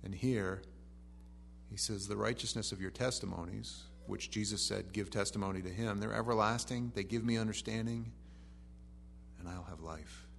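A man preaching a sermon. He reads scripture softly and then rises to animated emphasis. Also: lowish voice, normal speed, vocal fry, a little hiss or hum.

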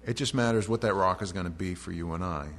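A man's voice: sits low, fast, a bit bright. A man preaching a verse-by-verse sermon, reading scripture aloud and then paraphrasing it in casual, modern speech. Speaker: pastor. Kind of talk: expository sermon. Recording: faint mains hum.

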